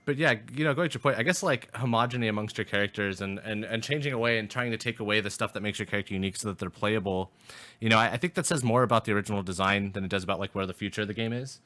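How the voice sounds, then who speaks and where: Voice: medium pitch, very fast, a bit bright. A podcast co-host in casual gaming talk, musing with many restarts and fillers like "you know" and "like".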